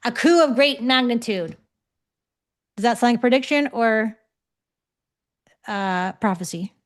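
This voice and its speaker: A woman with a slightly high voice teaches a live class over a video call. She talks in a loose, chatty way and keeps pausing to ask her listeners whether they follow. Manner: conversational, checks in often with 'okay?'. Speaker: psychic development teacher.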